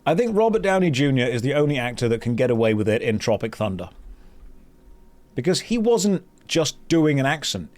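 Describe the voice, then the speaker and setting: A man chats casually with viewers during a game stream, reading quest text aloud and joking sarcastically. His medium-pitched voice is very animated and a little fast, with a darkish tone.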